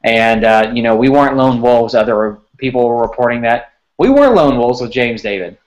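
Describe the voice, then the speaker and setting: A man's voice: medium pitch, lively intonation, normal speed. Guy chatting about recruits, trips over his words a lot, kinda muffled audio. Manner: conversational, repeats words while thinking. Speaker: sports recruiting reporter. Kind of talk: casual podcast chat.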